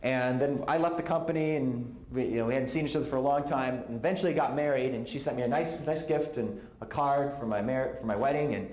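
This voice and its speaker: A man's voice: medium pitch, quick pace, hardly any pauses, a little mellow, echoey room, a little hiss or hum. A middle-aged man speaking at a conference, telling a story and acting out the voices of the people in it. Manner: storytelling, acts out quoted voices. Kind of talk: talk to a live audience. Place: conference hall.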